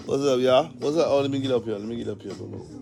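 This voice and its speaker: A middle-aged man, chatting on a livestream in a loud, slangy, excitable way. His voice sits at an ordinary middle pitch and he breaks into laughter easily. Faint music plays behind him. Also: racing, creaky. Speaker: host of a car audio livestream. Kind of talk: casual livestream chat.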